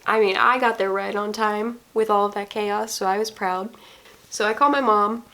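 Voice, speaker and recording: A woman's voice: mid-range voice, fairly even intonation, moderate pace, bright, forceful tone. A young woman vlogger and wedding photographer telling a chaotic story in a casual storytime, acting out quoted dialogue with frequent laughter.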